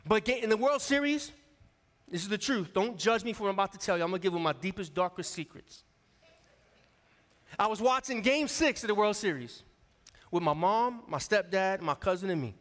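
Preaching a sermon in a church sanctuary, this New York-area associate pastor in his 40s has a high, bright voice that moves a little fast and sounds animated. Long reverb surrounds him as he shares stories in a conversational style and calls out to his congregation.

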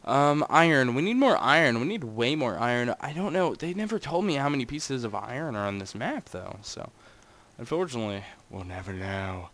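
A man's voice: sing-song, moderate pace, a bit bright. A young man giving casual, rambling commentary while playing a game and talking to his viewers. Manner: rambling and chatty, talks to his audience, jumps between wild highs and mutters. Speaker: Minecraft gaming channel host.

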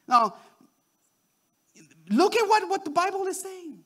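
A man preaching with a strikingly high, bright voice that rises and falls a great deal. He restarts and repeats words as he goes and breaks into acted-out quotes. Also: very animated, unhurried, pauses often. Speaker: pastor. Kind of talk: sermon.

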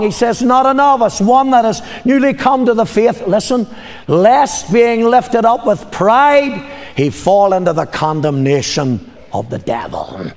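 A man's voice: high voice, lively intonation, unhurried, in a large hall. An older man preaching a sermon, repeating his lines and calling on the congregation to answer. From Northern Ireland. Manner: calls for congregation responses. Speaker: pastor.

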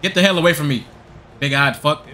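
A man's voice: fairly high pitch, a little fast, bright, forceful tone. A young man giving angry, profane gameplay commentary, ranting at the game and the referees. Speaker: gaming channel host.

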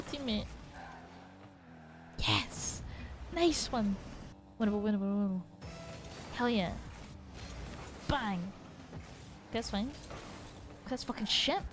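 A young woman commentating her own gameplay, excitable and sweary, often yelling at her teammates. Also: medium pitch. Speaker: gaming streamer.

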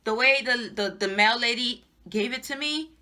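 A woman's voice: a little high, normal speed, sharp tone. A young adult woman giving a casual, exasperated product review to her viewers, repeating herself and swearing. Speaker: hair reviewer vlogger.

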